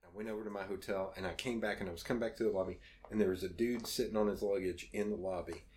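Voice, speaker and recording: A man's voice: lowish voice, fairly even intonation, fast, darkish tone, slight background noise. A man telling casual stories as a podcast guest, acting out the voices he quotes and swearing freely. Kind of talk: casual storytelling.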